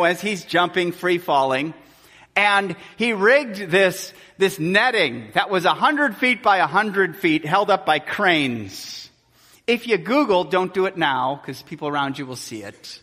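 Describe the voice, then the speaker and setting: A high, bright-voiced man preaching a sermon in a church, lively and dramatic. He acts out the people he quotes and swings between near-shouts and hushed lines. His voice rings with a long hall reverb. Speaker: pastor.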